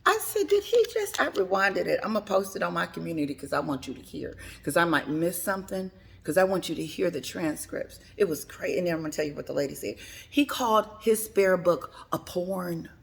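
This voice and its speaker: A woman's voice: fairly low pitch, brisk, vocal fry. A woman giving chatty, dramatic celebrity gossip commentary on her vlog. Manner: chatty, dramatic, laughs between remarks.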